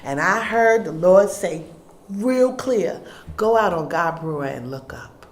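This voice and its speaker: A middle-aged woman, a guest telling a personal story in an interview, acting out dialogue and swinging between hushed and loud. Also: on the low side, lively intonation, a little slow. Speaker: guest, food business owner. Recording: echoey room.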